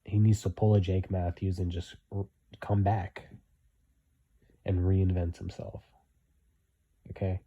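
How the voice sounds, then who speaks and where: A man's voice: low-pitched, level tone, slow pace, pauses often, husky, phone-quality sound. A young man giving blunt, repetitive opinion commentary, hammering his points home.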